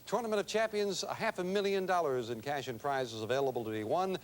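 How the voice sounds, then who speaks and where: A man's voice: a little high, lively intonation, brisk. A man hosting a TV game show, chatting with contestants in upbeat studio banter. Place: TV studio with audience.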